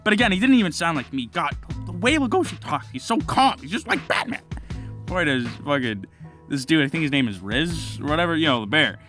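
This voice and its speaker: A man's voice: fairly high pitch, very animated, brisk, fairly bright tone. A young man giving a casual, profane, rambling reaction commentary on a show, swearing a lot and laughing often. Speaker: anime reviewer. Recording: faint music behind.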